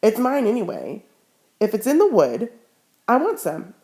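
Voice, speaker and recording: A woman reading a curious ten-year-old girl from a storybook who presses one question after another. The voice is warm, with a slight gravelly edge. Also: on the high side, huge pitch swings, measured pace, exaggerated voice. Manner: eager, persistent questioning.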